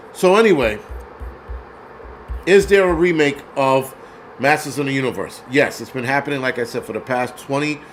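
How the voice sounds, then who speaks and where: A man's voice: medium pitch, fairly bright tone, poor audio. Casual male film host, profane and meandering, with faint air conditioning noise. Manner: rambling, profane, searches aloud. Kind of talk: casual livestream commentary.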